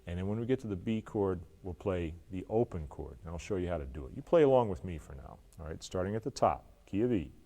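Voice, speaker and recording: A man teaching an acoustic blues guitar lesson, talking in a relaxed way while he plays and counts along. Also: sits low, fast, vocal fry, hardly any pauses. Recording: loud guitar under the voice. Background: acoustic guitar playing.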